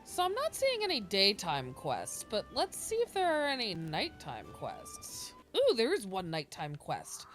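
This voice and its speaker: A woman hosting a video game playthrough, chatting excitedly and laughing as she plays. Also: medium pitch, measured pace, hardly any pauses. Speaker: let's play host. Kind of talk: casual gameplay commentary. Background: game music.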